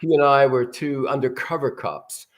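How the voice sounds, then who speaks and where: A man's voice: mid-range voice, steady tone, moderate pace, fairly bright tone. An older man, a guest actor, telling rambling anecdotes in a casual interview.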